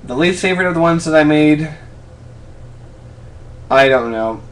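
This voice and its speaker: A man's voice: a little high, animated, normal speed, a little hiss or hum. Chatty young man answering fan questions. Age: 20s. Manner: rambling, self-correcting, chatty. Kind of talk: casual vlog Q&A. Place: apartment room.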